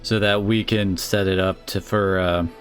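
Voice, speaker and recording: A man's voice: sits low, level tone, unhurried, a bit bright, soft background music. Rambling man commentating a game. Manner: rambling, thinking aloud with many "like"s. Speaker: streamer playing a video game. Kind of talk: casual let's-play commentary.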